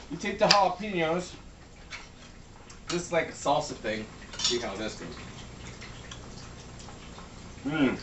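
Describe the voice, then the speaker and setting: A man's voice: a little high, pushed and bright, slight background noise. A man giving a casual cooking demo in his home kitchen, joking around and swearing freely. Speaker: home cook. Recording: echoey room, mic at a distance.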